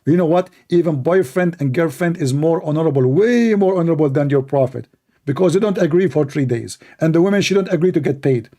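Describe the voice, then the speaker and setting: A man hosting a live call-in debate stream, talking in a heated, mocking way, his voice hoarse from shouting. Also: a little high, fairly quick.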